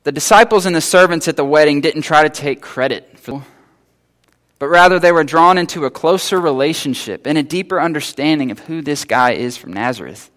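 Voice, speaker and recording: A man preaching a sermon in a church, his voice sitting a little high. He talks in a relaxed, conversational way and slips into casual voices for the people in the story. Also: brisk. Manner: conversational, acts out biblical figures in casual voices. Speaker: pastor.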